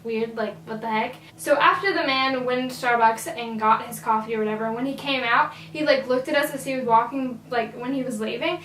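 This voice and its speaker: A teenage girl with a high voice tells a rambling storytime, peppering every phrase with "like." She sits a little back from the mic in an echoey room, with a faint hum underneath. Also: brisk, few pauses, fairly bright tone, far from the mic. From Virginia, USA. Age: teens. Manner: chatty, filler-heavy "like". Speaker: vlogger. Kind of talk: casual storytime.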